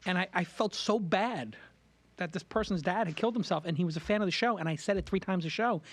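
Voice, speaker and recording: A man's voice: high-pitched, fast. A man from Brooklyn hosting a podcast, talking in a rambling, candid way and often correcting himself mid-sentence. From Brooklyn, New York. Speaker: podcast host. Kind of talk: casual studio chat.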